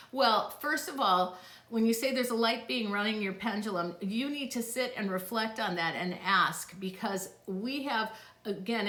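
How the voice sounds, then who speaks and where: With a mid-range, fairly bright voice, a middle-aged woman gushes her way through a live psychic stream, answering questions and frequently gasping and laughing. Her phone or tablet records her in an echoey room.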